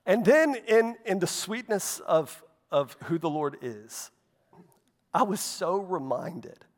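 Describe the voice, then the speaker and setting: A man's voice: sits high, expressive, takes it slowly. A man preaching a sermon in a loose, conversational way, with frequent asides and "right?" and "okay?" tag questions. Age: adult, walked with faith over half his life. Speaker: pastor. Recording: long hall reverb.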